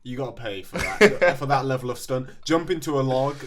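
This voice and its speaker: A young man co-hosting a casual chat about clips, relaxed and matter-of-fact with dry jokes. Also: mid-range voice, a little fast. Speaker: co-host.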